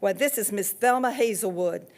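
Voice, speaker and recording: A woman voicing a stern male hearse driver who scolds loudly. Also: medium pitch, moderate pace, lightly acted. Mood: scolding. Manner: scolding, loud.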